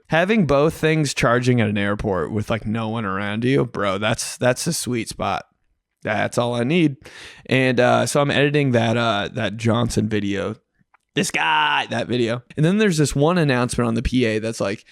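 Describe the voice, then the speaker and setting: A young man casually telling a comedic story, animated and slangy, jumping into higher voices for the people he quotes. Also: moderate pace, creaky, dry recording, clean studio sound. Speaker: podcast host telling a story.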